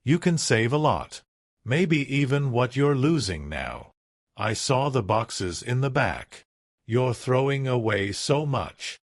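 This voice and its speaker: A man's voice: medium pitch, sing-song, slow, no room sound, clean studio sound, exaggerated voice. A man reading an earnest young cleaner. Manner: soft, sincere pleading.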